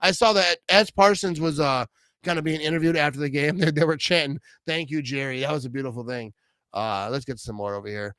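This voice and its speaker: Young man, sports show host, hyped and slangy, fairly high pitch, dry close sound. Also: fairly quick, clean tone, no echo. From Wisconsin. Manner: excitable, slangy, says "bro" and "you know what I mean" a lot. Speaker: show host reading fan messages. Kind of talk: casual sports talk show.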